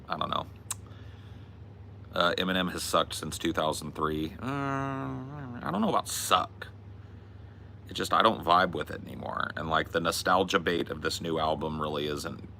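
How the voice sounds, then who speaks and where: Young male streamer, deep and gravelly but bright-edged, laid-back rambling chat. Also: a little hiss or hum. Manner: loose, rambling, sprinkled with laughs and filler. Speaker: live streamer answering chat. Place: outdoors in hot weather.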